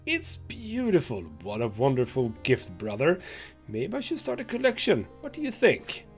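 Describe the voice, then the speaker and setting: Brief: stern young man, gruff but glad, read by a man in his own voice. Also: fairly high pitch, huge pitch swings, normal speed, soft background music. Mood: delighted.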